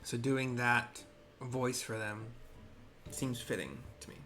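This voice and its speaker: A man's voice: medium pitch, little pitch movement, measured pace, bright, forceful tone. A man giving casual commentary on a video game for blind viewers, rambling, hesitant and often correcting himself. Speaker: gaming streamer narrating for blind viewers.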